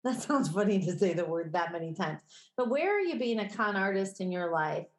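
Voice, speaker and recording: A woman with a Midwestern accent co-hosting a podcast in casual chat, conversational and quick to laugh. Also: mid-range voice, very animated. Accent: Midwestern American. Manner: conversational, laughs easily, self-correcting. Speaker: podcast co-host. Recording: roomy echo.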